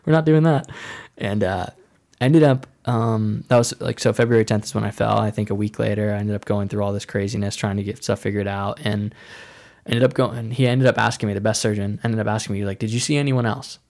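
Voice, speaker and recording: A man with a low, gravelly voice tells a personal story in a loose, conversational way. He rambles, leans on "like" again and again, and slips into the voices of people he quotes. The delivery is casual and unpolished. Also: level tone, brisk, darkish tone. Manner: rambling, heavy use of "like", acts out quoted dialogue.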